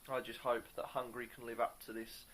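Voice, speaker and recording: A man reviewing a beer on camera in a casual, upbeat way, pausing often to search for words. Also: mid-range voice, level tone, fairly bright tone, a little hiss or hum. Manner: upbeat and enthusiastic.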